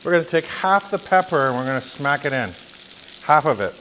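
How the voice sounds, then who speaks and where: A man cooking and demonstrating a recipe as a chef, chatting with jokes and lively asides. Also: a little high, fairly quick. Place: kitchen, cooking at the stove. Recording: sizzle and kitchen noise. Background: sizzling pan.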